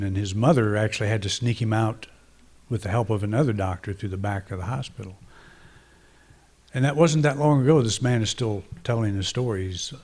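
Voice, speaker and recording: A man's voice: lowish voice, darkish tone. A man, a minister, preaching a conversational, reflective sermon with frequent restarts and fillers.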